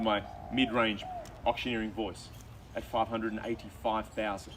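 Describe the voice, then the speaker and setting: An Australian man working as an auctioneer, calling bids in a quick, persuasive patter at an outdoor property auction. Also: lowish voice, little pitch movement, a bit bright. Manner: fast, persuasive auction patter with repeated bid calls. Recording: distant outdoor mic with background noise.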